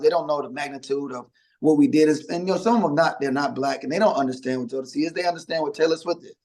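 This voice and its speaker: A man's voice: on the high side, low-quality recording. A middle-aged man, a musician being interviewed, telling stories in casual chat and acting out quotes. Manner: animated storyteller, acts out quotes. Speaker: musician guest.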